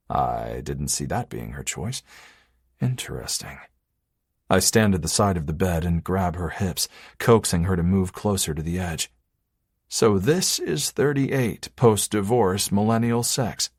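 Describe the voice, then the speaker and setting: Male narrator for a first-person romance audiobook, very deep and husky, with an intimate, measured read. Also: no room sound, clean studio sound.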